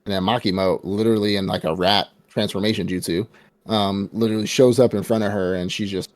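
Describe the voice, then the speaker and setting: A man's voice: fairly low pitch, steady tone, fast talker, no room sound. A man co-hosting a casual movie review podcast, retelling scenes with lots of laughter and acting out the characters' lines. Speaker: podcast co-host.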